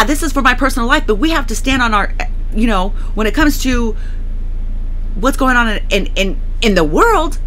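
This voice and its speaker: A woman giving a heartfelt Christian testimony to camera, emotional and repetitive, with frequent restarts and pauses. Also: sits high, pushed and bright, slight background noise. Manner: emotional, repeats words, many restarts. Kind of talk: personal testimony talk.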